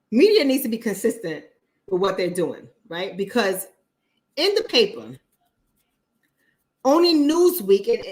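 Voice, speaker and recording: A woman hosting a casual livestream chat, talking bluntly to her viewers with frequent profanity and repeating points for emphasis. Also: a little high. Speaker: online talk show host.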